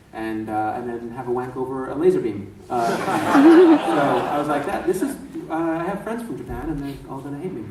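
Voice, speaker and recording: A man voice actor telling animated, laughing stories to a convention panel audience. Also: medium pitch, very noisy. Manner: laughing, acts out voices mid-story. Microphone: far from the mic. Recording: echoey room from far off.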